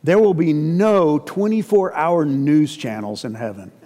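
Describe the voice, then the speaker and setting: An older man in his sixties gives a sermon in a somewhat high voice. He talks to the congregation like old friends, full of rhetorical questions and homespun humor. His words trail off into a long, echoing reverb from the sanctuary. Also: a little slow, mellow. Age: 60s. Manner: asks the congregation rhetorical questions, folksy and joking. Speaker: pastor. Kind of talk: conversational sermon.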